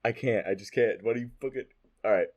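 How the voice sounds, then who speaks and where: A young adult man hosting a casual podcast chat, joking loudly and breaking into laughter. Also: lowish voice, fast, breathy edge. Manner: loud, joking, laughing outbursts. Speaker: host.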